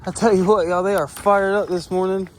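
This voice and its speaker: Male fishing vlogger, winded and excited, slightly high voice, faint outdoor background hiss. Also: a little fast. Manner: excited, drawling, calls viewers y'all. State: out of breath. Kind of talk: casual outdoor narration to camera.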